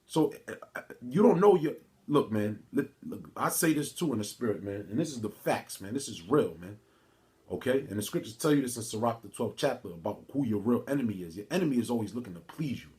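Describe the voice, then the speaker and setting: A man of middle pitch preaching casually into a phone or camera, his talk loose and streetwise with "man" dropped into nearly every line. He reads scripture aloud in a halting way, full of restarts. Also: animated, a little mellow. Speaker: religious teacher. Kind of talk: informal video sermon. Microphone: phone or camera mic.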